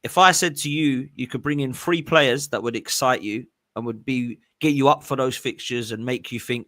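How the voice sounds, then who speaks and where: A male podcast host steering a casual football chat, at an average pitch. He agrees readily with his guests and then sets up long, rambling questions for them. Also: normal speed, hardly any pauses, fairly bright tone.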